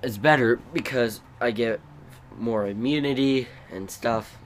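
A man hosting a podcast, telling rambling, animated stories about his family. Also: medium pitch, measured pace, slight background noise. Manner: rambling, animated, bursts into loud acted shrieks. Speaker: podcast host. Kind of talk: casual storytelling.

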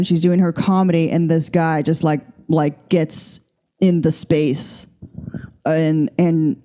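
A woman's voice: sits low, dark tone. A woman hosting a podcast, chatting casually and hesitantly with many fillers. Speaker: podcast host. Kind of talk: casual chat.

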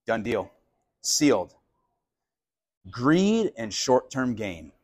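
A man preaching a conversational sermon as a pastor, animated and casual, sometimes acting out voices of the people he talks about. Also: mid-range voice, drawn-out words. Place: live sermon at a college venue.

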